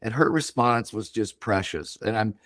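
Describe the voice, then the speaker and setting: With a voice on the low side and a normal speaking speed, an older man in his seventies recounts stories as an interview guest, bringing quoted dialogue to life with animated delivery. Clean studio sound, no echo.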